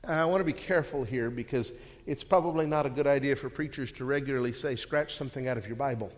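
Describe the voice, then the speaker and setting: A man's voice: mid-range voice, fast talker. A man preaching a sermon, earnest and full of rhetorical questions, often repeating words as he restarts. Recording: long hall reverb.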